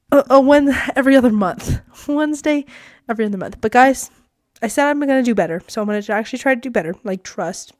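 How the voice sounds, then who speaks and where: A woman's voice: fairly high pitch, dry recording, clean studio sound. A teenage girl hosting her podcast from her bedroom, rambling and self-deprecating to the camera. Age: teens. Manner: chatty, rambling, self-deprecating with frequent laughs. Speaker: podcast host. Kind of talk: casual solo podcast vlog.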